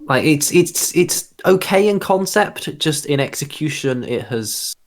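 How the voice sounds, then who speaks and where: A man's voice: fairly high pitch, animated, unhurried. A man hosting a casual group chat, talking in a thoughtful way with lots of fillers and hedges. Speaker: podcast host.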